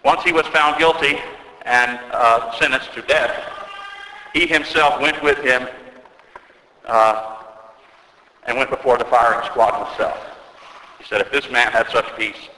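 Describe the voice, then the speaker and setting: A man preaching an earnest sermon as an Orthodox priest, telling a story and slowing down to stress key words. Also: medium pitch, steady tone, sharp tone. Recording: echoey church with long reverb.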